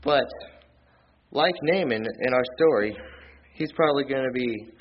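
A man preaching a sermon in church, reading scripture aloud in a plain, earnest way and rising in pitch and volume on his key points. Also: unhurried, pauses often, lo-fi sound, a little hiss or hum. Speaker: lay preacher.

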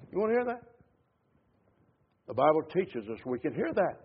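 A man delivers an emphatic sermon in a high-pitched, husky voice. He presses hard on key words and lets his endings sink low and quiet. The sound is thin and tinny, as if heard over a phone line. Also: big pitch swings, moderate pace, pauses often. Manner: emphatic preaching that swings between loud stresses and low trailing endings. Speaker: preacher.

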